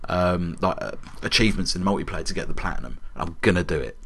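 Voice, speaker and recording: A man in casual chat about a video game, animated and sweary, often laughing. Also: sits low, fast, gravelly, slightly rough.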